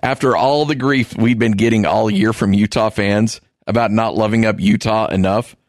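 A man's voice: fairly low pitch, fairly even intonation, moderate pace, dry recording, clean studio sound. A man co-hosting a sports radio talk show, chatty and easily amused. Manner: chatty, amused, many fillers. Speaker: co-host.

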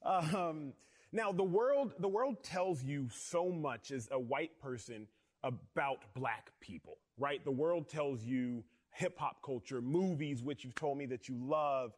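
A man hosting an interview, earnest and emphatic, speaking in a measured conversational way. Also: a little high. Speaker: host.

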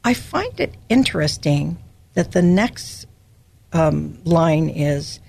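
Gravelly older woman from Hawaii teaching scripture. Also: low-pitched, expressive, slow, darkish tone. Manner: personal, emotional storytelling. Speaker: Christian podcast host. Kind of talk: devotional Bible teaching.

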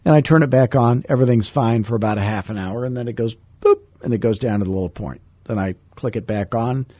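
A middle-aged man coaching real estate agents, telling a story in an animated, self-deprecating way and adding sound effects. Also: medium pitch, fast talker, dry recording. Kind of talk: storytelling teaching talk.

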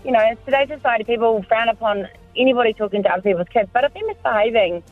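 A woman's voice: on the high side, rapid-fire, faint music behind. A woman calling into a radio show, giving her opinion firmly and emphatically. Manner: firm, emphatic. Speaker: caller. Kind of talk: phone-in opinion. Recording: tinny phone line.

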